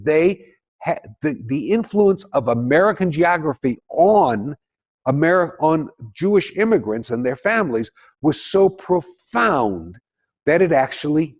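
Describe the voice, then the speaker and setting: A man lecturing to a live audience in a fairly high voice, his pitch leaping around with lively emphasis. He is animated and jokey and keeps turning to the crowd with questions. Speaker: author giving a lecture.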